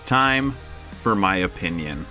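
A man hosting a gaming channel, reading news points aloud in a measured, list-like way. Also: deep voice, expressive, sharp tone, soft background music.

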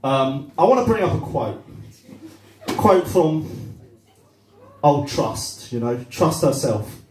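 Young man, stand-up comedy set, rambling, self-deprecating, lively pitch, slow pace, roomy venue, distant mic. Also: slight background noise. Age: young adult. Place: cafe-bar comedy night.

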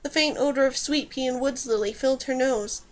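A woman narrating a fantasy novel in a steady, measured storytelling voice. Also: sits high. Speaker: audiobook narrator.

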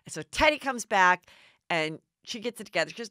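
A woman's voice: medium pitch, lively intonation, fairly quick, sharp tone, dry recording, studio quality. A middle-aged woman hosting a podcast, recapping gossip in a chatty way and acting out the quotes in put-on voices. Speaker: podcast host.

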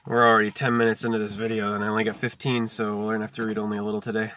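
A man hosting a video who reads a book aloud, breaking off for slow, deliberate wordplay and chant-like lists. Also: fairly low pitch, monotone, a bit bright, a little hiss or hum. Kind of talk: reading aloud mixed with free-associating musings.

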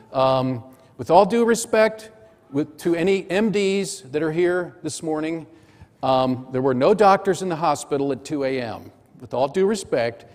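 A middle-aged man preaching a sermon, telling a personal story in short, measured phrases. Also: fairly high pitch, darkish tone. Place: church sanctuary. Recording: church hall reverb.

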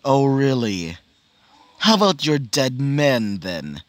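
A man voicing a vengeful young male hero bonded to a dark symbiote, speaking cold, slow and menacing. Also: mid-range voice, sing-song, no room sound.

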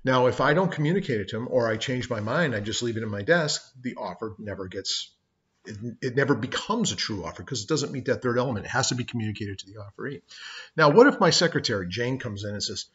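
A man's voice: medium pitch, lively intonation, fast, fairly bright tone, muffled recording. A middle-aged man teaching law in a conversational lecture, telling personal stories as examples. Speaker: law instructor. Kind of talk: recorded lecture. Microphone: webcam.

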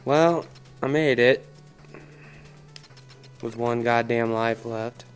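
Male let's-play commentator, slow and profane, ranting, faint game music behind. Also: mid-range voice, smooth. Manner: frustrated, heavy swearing, ranting. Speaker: gaming commentator.

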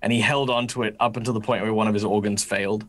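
A player in a tabletop game describing what his character does, in a halting way with frequent restarts. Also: fairly low pitch, steady tone. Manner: halting, repeats himself while describing.

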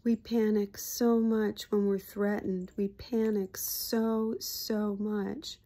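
Slow, soft-spoken breathy woman. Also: medium pitch, level tone. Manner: soft-spoken, heartfelt, drifting into hushed murmurs. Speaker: hypnotherapist. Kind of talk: casual spiritual reflection to camera.

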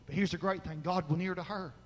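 Guy preaching hard, high-ish voice, goes from yelling to murmuring, big echoey church. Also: steady tone, quick pace. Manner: fervent, swings from loud crying out to low murmurs. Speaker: pastor. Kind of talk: sermon. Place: church sanctuary.

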